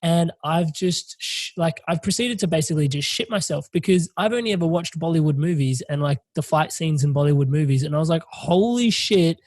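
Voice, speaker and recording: A young man, hosting a podcast and telling an animated, laughing story in casual chat. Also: on the high side, brisk, hardly any pauses, dry recording. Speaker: podcast host.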